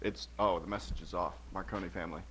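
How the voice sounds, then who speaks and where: A man's voice: low-pitched, steady tone, fast, fairly bright tone, a little hiss or hum. A man co-hosting a radio show, dry and egging the others on in casual banter. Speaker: radio co-host. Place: radio studio.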